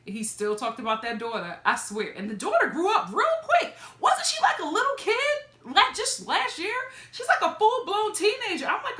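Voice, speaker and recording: A woman's voice: very high-pitched, sing-song, moderate pace, few pauses, a bit bright, roomy sound. A woman vlogger giving a chatty, sassy review of a reality TV episode, laughing and throwing in asides. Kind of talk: casual gossipy commentary.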